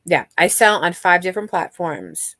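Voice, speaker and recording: A woman's voice: on the low side, sing-song, moderate pace, pushed and bright, no room sound, clean studio sound. A middle-aged woman hosting a livestream and chatting casually with viewers, rambling and candid, with many fillers and restarts. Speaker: livestream host. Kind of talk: casual chat with live chat viewers.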